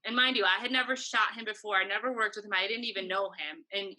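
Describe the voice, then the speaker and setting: A woman guest on an interview podcast, chatty and animated, telling a long story and acting out the other people's lines. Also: mid-range voice, quick pace, a little hiss or hum, low-quality recording. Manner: chatty, animated, acts out quoted dialogue. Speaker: guest, tour photographer.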